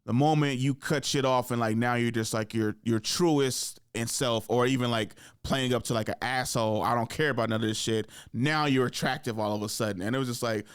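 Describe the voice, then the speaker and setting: A man's voice: mid-range voice, steady tone, a little fast, hardly any pauses, smooth, no echo, studio quality. A young man hosting a podcast, telling stories in a laid-back way, acting out quoted lines in a raised voice and laughing often. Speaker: podcast host. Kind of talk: casual chat.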